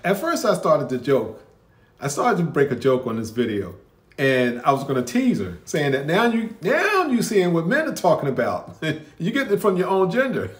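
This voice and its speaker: Lively Northeastern-accented man in an echoey room. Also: on the high side, moderate pace. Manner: conversational, candid, repeats himself. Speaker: commentary video host. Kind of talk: reaction commentary.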